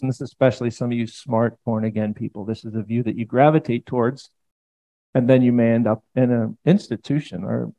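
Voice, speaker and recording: A man's voice: mid-range voice, dark tone, poor audio. A man preaching a sermon in a provocative, conversational way with mocking asides. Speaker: pastor.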